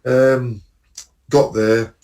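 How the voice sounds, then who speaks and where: A man's voice: medium pitch, flat delivery, very slow, warm tone, recorded from a distance. A man telling rambling travel stories in casual podcast chat, laughing at his own jokes. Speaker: podcast co-host.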